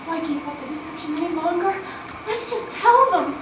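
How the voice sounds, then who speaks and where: A woman's voice: very high-pitched, animated, normal speed. A woman on stage playing a flustered middle-aged mother who talks in a fluttery, tearful way. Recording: distant, echoey, muffled stage recording with hiss.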